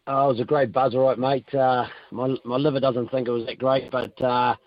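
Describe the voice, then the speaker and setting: A hoarse racehorse trainer, chatting casually on the phone with radio hosts, rambling along with plenty of fillers. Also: male voice, mid-range voice, no room sound. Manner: rambling, relaxed, halting with fillers. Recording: dull phone line.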